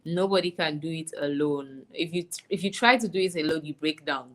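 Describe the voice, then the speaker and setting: A woman's voice: deep voice, brisk. A young woman, candidly musing aloud in casual chat as a podcast co-host.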